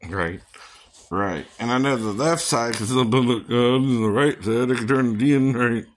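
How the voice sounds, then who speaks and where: A man chatting casually about doing impressions. He laughs often and ends his lines with "right?". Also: medium pitch. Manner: breaks into quick impressions and silly voices. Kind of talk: casual chat.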